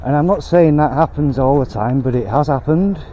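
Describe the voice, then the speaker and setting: A man's voice: fairly high pitch, moderate pace, warm tone, highs cut off, slight background noise. Blunt man ranting outdoors. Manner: blunt, swearing, rambling. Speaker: vlogger. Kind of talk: casual rant while walking. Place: outdoors on a canal towpath.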